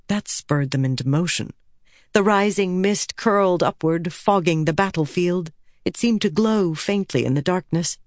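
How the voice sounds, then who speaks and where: A woman reads a fantasy audiobook in a measured, steady voice that sits a little low. The recording is close and dry, with no room sound. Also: no room sound. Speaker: audiobook narrator. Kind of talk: scripted narration.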